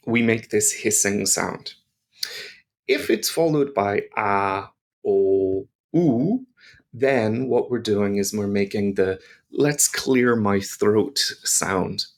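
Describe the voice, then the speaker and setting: A male language teacher speaking at an unhurried pace, with a gravelly fry in his voice. He explains pronunciation patiently and models each sound for learners. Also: lowish voice.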